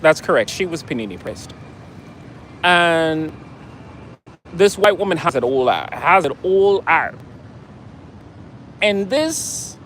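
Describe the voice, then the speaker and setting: A man's voice: on the high side, fairly bright tone, slight background noise, poor audio. A man telling a story in a profane, sarcastic rant, outdoors in a city. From United States. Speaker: vlogger. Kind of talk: casual ranting storytelling.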